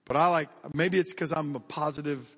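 An American man preaches a lively sermon in a fairly high voice, chatting straight at his listeners between points. His words ring out with a long reverb tail, as if spoken in a large hall. The delivery swings between quick bursts and slow, stressed phrases. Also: breathy edge. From United States. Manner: energetic, conversational preaching with direct asides to the congregation. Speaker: pastor.

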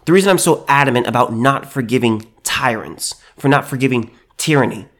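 A man's voice: mid-range voice, brisk, fairly bright tone. Male commentator with a mid-range voice: fired-up, sarcastic delivery, repeating himself for emphasis. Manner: indignant, sarcastic, repetitive stammering. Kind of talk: opinion commentary.

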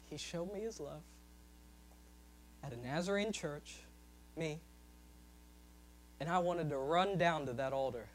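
A man preaching a sermon, swinging from loud, high-pitched emphasis to soft, low asides. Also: unhurried, pauses often, slight background noise, rough recording.

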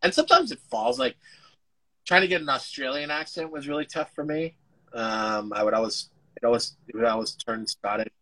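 Guest, male, bright forceful voice, rambly and self-interrupting, remote call. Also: mid-range voice, lively intonation, brisk, low-quality recording. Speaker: actor guest. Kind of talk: casual interview chat.

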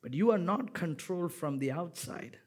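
A man preaching a sermon, building repeated lines to loud emphatic peaks and dropping to quiet asides, with some playful banter with the congregation. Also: fairly high pitch, animated, normal speed. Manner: repetitive rhetorical cadence. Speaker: pastor.

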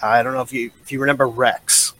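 A man's voice: medium pitch, flat delivery, fast talker, bright, forceful tone. A man speaking as a podcast guest, telling stories casually with jokes and frequent laughs. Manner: jokey, laughs a lot while telling stories. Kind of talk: casual chat.

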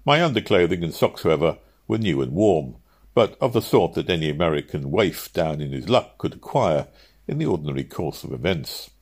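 A man narrating an audiobook in a measured, steady reading. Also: sits low, slightly rough.

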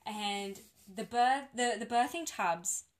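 A woman casually telling a birth story on a podcast, animated and laughing often. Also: a little high, takes it slowly.

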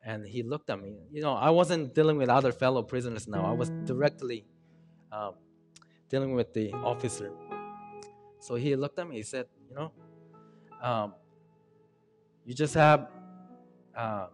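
A man's voice: mid-range voice, over music. Earnest man telling a personal testimony. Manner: earnest, halting storytelling with many ums. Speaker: speaker sharing a personal testimony.

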